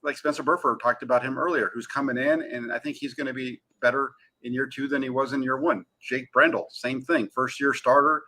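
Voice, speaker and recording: Male sports reporter co-host, rapid and eager, bright forceful tone. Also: medium pitch. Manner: eager and energetic, frequent fillers. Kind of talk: casual sports talk.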